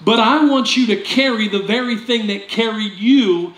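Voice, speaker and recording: A man pastor preaching a sermon, animated and jokey, with sudden loud outbursts. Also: high voice, normal speed. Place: church sanctuary. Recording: echoey church room with faint ambience.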